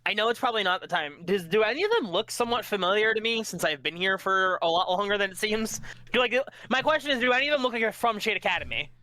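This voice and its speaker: A man's voice: high-pitched, lively intonation, fast talker, pushed and bright, no room sound. A man playing a tabletop game, chatting casually and swearing and joking with the others. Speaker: player.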